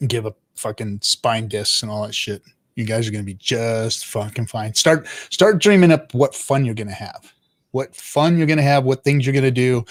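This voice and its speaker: A middle-aged man co-hosting a crypto podcast, talking in a loud, profane, animated way and telling stories. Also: mid-range voice, no echo. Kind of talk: casual profane chat.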